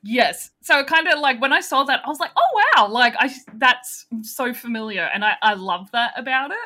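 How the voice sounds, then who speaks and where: A woman's voice: high-pitched, moderate pace. An Australian woman co-hosting a film podcast, chatting casually and laughing often. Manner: chatty, laughs often, quotes people in lively voices. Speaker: podcast co-host. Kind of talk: casual chat.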